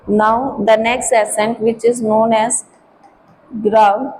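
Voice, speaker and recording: A woman teaching a French class, explaining slowly and carefully and now and then switching into Hindi. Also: on the high side, level tone, darkish tone, slight background noise, low-quality recording. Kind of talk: classroom lesson.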